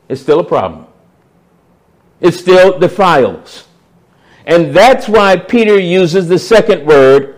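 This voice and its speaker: A man preaching a sermon, stressing key words by repeating them and swinging between loud emphasis and hushed asides. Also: a little high, rough recording.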